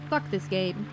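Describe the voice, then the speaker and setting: A woman streaming a game, reacting with upset, swearing commentary. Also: a little high. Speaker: gaming streamer. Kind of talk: let's play commentary. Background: loud game music.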